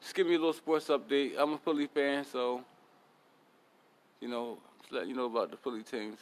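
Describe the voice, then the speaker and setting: A man's voice: mid-range voice, fairly even intonation, a little fast. A young man hosting a podcast, talking casually in a blunt, profane, motivational way. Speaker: podcast host.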